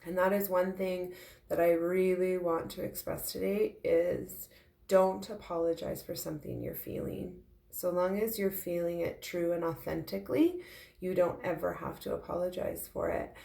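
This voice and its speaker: A tearful woman speaks in a heartfelt, halting way in a personal confessional vlog. Her voice sits low and has a gravelly edge. The recording sounds roomy and echoey. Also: warm tone. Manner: heartfelt, halting, with frequent fillers. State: tearful, emotional. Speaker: intuitive medium sharing her grief.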